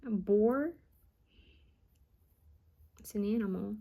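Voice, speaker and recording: A woman psychic medium reading out channeled messages, repeating each word she hears and pausing often with ums. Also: mid-range voice, gravelly, narrow, tinny audio. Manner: hesitant with frequent ums.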